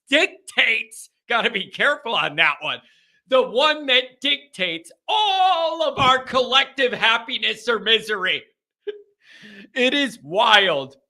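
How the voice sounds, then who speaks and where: High, bright-voiced chatty male show host. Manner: chatty, joking asides to listeners; emphatic, fired up about his team. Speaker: host of a fan call-in radio show. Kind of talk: casual morning show monologue.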